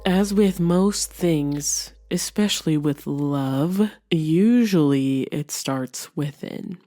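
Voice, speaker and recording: A woman's voice: sits low, dark tone. A young woman hosting a podcast, giving an earnest, encouraging self-help talk in a conversational way. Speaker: podcast host.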